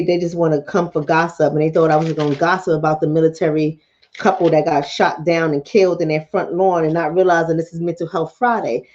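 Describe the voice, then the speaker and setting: A woman's voice: sits low, darkish tone, muffled recording. A woman hosting a mental health livestream in casual chat, blunt and profane, talking straight to her viewers. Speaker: mental health talk show host.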